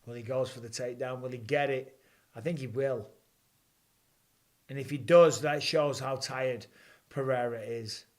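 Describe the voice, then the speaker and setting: A man, hosting a live fight watch-along and calling the action with rising excitement. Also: medium pitch, moderate pace, long pauses. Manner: excitable, rising for big moments. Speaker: host. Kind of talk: live fight commentary and chat.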